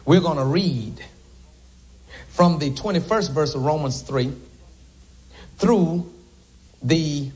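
Preacher guy, high voice, cracks jokes at the crowd mid-sermon, pulpit mic in church. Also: takes it slowly, pauses often, a little mellow. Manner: joking asides to the congregation. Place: church sanctuary.

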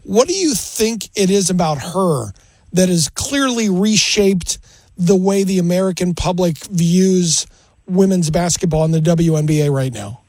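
A high-pitched man hosting an interview, recorded close with a dry, deadened sound. He introduces his guest, asks straightforward questions, and chimes in with short agreement. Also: unhurried, a little mellow, dry recording. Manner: brief affirmations, plain questions. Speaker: radio interview host.

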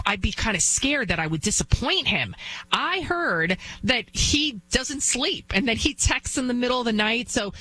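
Hosting a talk show, a woman delivers a blunt, emphatic monologue, circling back to her points and repeatedly asking "right?". Her voice sits on the high side with a fairly bright tone, captured in a low-quality recording.

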